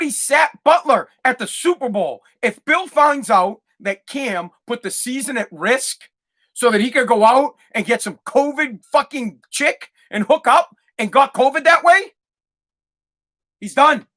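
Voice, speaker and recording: Fired-up bright-voiced podcast man. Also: very high-pitched, lively intonation, a little slow. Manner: fired-up, swearing, repeats himself. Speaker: podcast host. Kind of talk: solo sports rant podcast.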